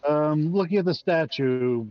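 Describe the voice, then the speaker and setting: A man's voice: on the high side, unhurried, dull audio. A man playing in a tabletop game who keeps asking questions about what he finds. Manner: inquisitive, asks rules questions. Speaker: player. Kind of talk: casual tabletop play.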